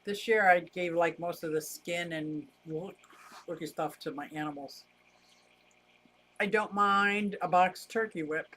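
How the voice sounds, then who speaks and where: A woman's voice: on the low side, unhurried, fairly bright tone. Older woman, livestream host, talkative, wry ranter. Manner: chatty, wry, laughs easily, rants about costs. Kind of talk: casual livestream chat reading viewer comments.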